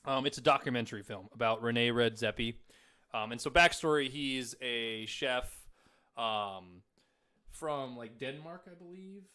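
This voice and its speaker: A man's voice: mid-range voice, measured pace, smooth. A young man co-hosting a podcast, telling stories in a casual chat and laughing often. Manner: animated storytelling, laughs often. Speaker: podcast co-host.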